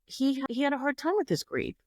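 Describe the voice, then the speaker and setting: A woman guest on a podcast, a foundation founder speaking reflectively in casual conversation, often pausing with "you know". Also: sits high, sing-song, no echo. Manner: reflective, halting, many "you know" fillers.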